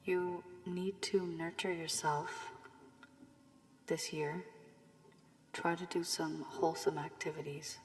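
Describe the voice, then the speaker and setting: A woman giving a tarot reading with advice, her voice worn from illness, speaking softly and often half-whispering. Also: low voice, flat delivery, slow, pauses often. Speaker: tarot reader. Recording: long room reverb, faint background hiss.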